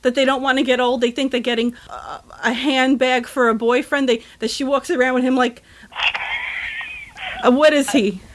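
A woman's voice: high voice, fairly even intonation, moderate pace, slight background noise. A woman in casual chat who talks bluntly and rants with lots of profanity.

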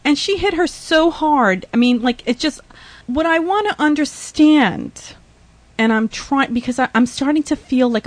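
A woman's voice: fairly high pitch, no room sound. A woman hosting a podcast, ranting indignantly with swearing, rambling asides, laughs and sighs. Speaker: podcast host. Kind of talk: ranting monologue.

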